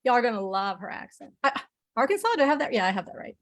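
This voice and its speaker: A woman introducing a guest on a business call in an excited, gushing way. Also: fairly high pitch, fast talker. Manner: excited, gushing, says y'all. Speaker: call host introducing a speaker. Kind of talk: enthusiastic introduction.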